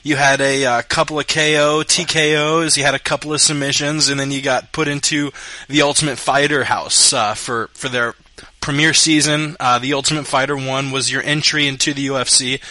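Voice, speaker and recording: A male host interviewing a guest, asking long, halting questions full of fillers. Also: medium pitch, little pitch movement, pushed and bright, dry recording. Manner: halting, with many fillers and restarts. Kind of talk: podcast interview.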